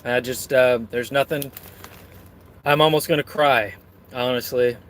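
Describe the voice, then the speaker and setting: A man's voice: mid-range voice, fairly even intonation, unhurried, fairly bright tone, slight background noise. A man chatting casually on camera while eating and reading out chat, full of crude, rambling, self-mocking jokes. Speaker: streamer reading chat messages.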